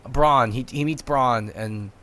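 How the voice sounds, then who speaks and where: A man's voice: medium pitch, slow, bright, forceful tone. A man co-hosting a podcast, recapping a book chapter in casual chat and laughing often as he talks. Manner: giggly, laughs often while talking. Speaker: podcast co-host.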